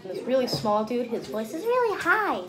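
A teenage girl telling jokes casually, rambling and giggling as she goes, pitching her voice up for characters. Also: very animated, moderate pace. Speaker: joke teller.

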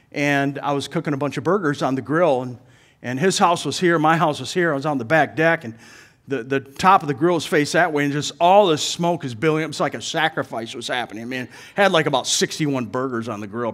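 Male pastor, middle-aged, slightly high voice, animated storytelling, sermon in a church. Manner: animated storyteller, laughs while telling, acts out voices. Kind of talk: sermon with humorous stories. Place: church sanctuary.

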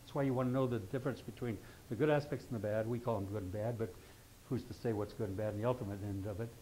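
A man's voice: on the low side, steady tone, quick pace, dark tone, a little hiss or hum, low-quality recording. An older man teaching an astrology class, talking informally, rambling into asides and checking in with the class. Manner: conversational, keeps checking in with "okay?".

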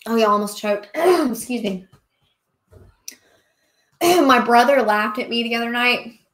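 A woman's voice: a little high, slow, pauses often, a bit bright. A woman, chatting casually while hosting a live question-and-answer stream and laughing often. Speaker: livestream host, craft seller.

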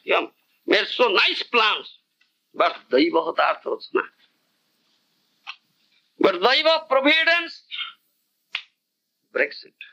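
A man's voice: extremely high pitch, vocal fry, bright, forceful tone. A man giving a devotional lecture, chanting scripture verses and often checking that listeners understand. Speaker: spiritual teacher. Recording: dull lo-fi 1990s lecture tape.

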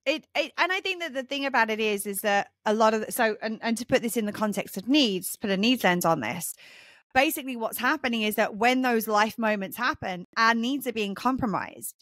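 A woman with a higher-pitched voice talks through her points in a relaxed podcast chat, earnest and a little rambling. The sound is close and dry, with no room around it. She restarts sentences often as she thinks aloud. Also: a little fast, no room sound. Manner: earnest, explanatory, many fillers and restarts. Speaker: podcast host and mentor. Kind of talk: casual podcast conversation.

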